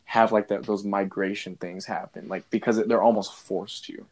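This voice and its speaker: A man's voice: fairly low pitch, fairly even intonation, normal speed, a little mellow. A young man in casual chat, rambling with lots of fillers and restarts, laughing often.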